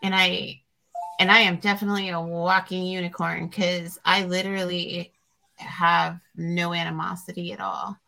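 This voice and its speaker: A woman's voice: fairly low pitch, level tone, normal speed, vocal fry, sharp tone. A woman hosting a podcast interview, rambling and reflective as she tells her stories. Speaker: podcast host. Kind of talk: casual interview chat.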